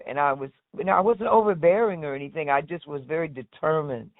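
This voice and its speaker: A woman tells her story in a lively, chatty way, slipping into the voices of the people she quotes. The sound is thin and phone-like. It is also dry, with no room around her. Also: fairly low pitch, fast talker, hardly any pauses, no room sound. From United States. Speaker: guest, singer. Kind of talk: casual storytelling interview. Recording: tinny phone-like line, dry.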